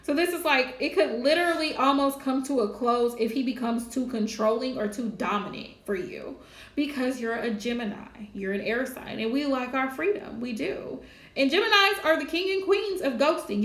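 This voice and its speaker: A woman's voice: high-pitched, animated, normal speed, fairly bright tone, reverberant. A woman doing a live tarot reading, chatty and casual, laughing often. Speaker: tarot reader.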